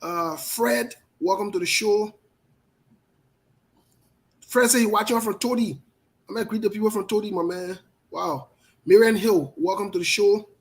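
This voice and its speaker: A male talk show host with a fairly high voice. He talks with blunt passion, calls out viewers' names one after another and argues his point hard. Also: moderate pace, pauses often, poor audio. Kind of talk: live online talk show, greeting viewers.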